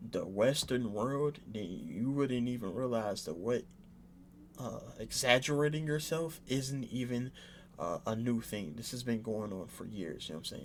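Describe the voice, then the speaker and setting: A young man with a low, gravelly voice talks loosely over a video he is reacting to. He rambles and circles back, fills gaps with "uh" and keeps checking in with the listener. A faint hum of ambient noise sits behind him. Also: darkish tone. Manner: rambling, many fillers and "you know what I'm saying". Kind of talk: casual reaction commentary.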